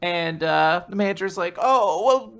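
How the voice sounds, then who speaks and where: A man casually recapping a manga chapter on a podcast, acting out characters' lines in quick put-on voices. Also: high voice, animated, a bit bright. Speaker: podcast co-host.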